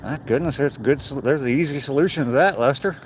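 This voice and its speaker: An older man, chatting in a relaxed, rambling way on a live walk and greeting viewers by name. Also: mid-range voice, fast, a little hiss or hum. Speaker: vlogger walking and reading chat. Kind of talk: casual chat on a live walk. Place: outdoors on a walk.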